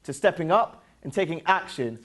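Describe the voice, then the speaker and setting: An English-accented man leads a lively motivational seminar in a high, bright voice. He keeps firing yes-or-no questions at the crowd and slips in teasing jokes. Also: normal speed. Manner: upbeat, drills the crowd with call-and-response questions. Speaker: seminar presenter. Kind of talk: interactive motivational seminar talk.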